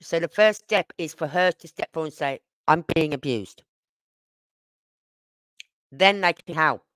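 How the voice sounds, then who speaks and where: A YouTuber delivers live-stream commentary in a smooth, clean voice. The speaker presses each point with rhetorical questions and repetition, and now and then apologizes for rushing. The sound is close and dry, with no room echo. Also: mid-range voice, a bit bright. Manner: apologetic about talking fast.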